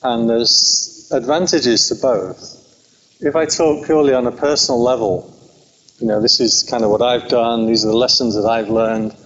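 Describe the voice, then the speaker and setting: A man with an English accent gives an informal dharma talk to a group at a meditation centre. He speaks in a chatty, self-deprecating way, at an ordinary middle pitch. The recording sounds a little dull and lo-fi, with a faint hiss underneath. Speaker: Buddhist teacher.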